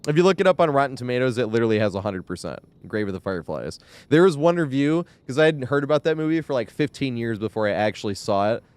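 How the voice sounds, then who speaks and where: A man's voice: lowish voice, a little mellow, smooth, dry recording. A man chatting casually during a live game stream, rambling and laughing, swearing freely.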